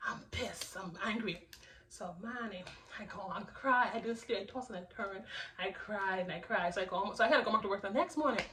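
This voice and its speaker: A young woman vlogger telling a storytime, animated and laughing, with lots of restarts. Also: medium pitch, a little fast, recorded from a distance, slight background noise, poor audio. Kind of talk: storytime narration.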